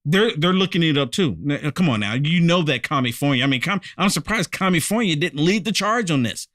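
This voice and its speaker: A man hosting a live-streamed commentary show speaks emphatically and hammers his points through repetition, turning often to address his viewers. His voice sits a little high for a man. The sound is dry and close, with no room echo. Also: lively intonation, fairly quick, fairly bright tone. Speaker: political commentary host.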